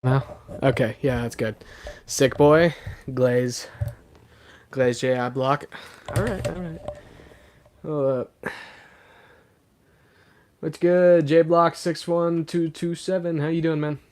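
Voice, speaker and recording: Reading chat aloud during a casual live stream, a sick young man sounds rougher than he normally would. He's chatty and excitable, heavy on fillers, and speaks slowly in a slightly high voice, pausing often.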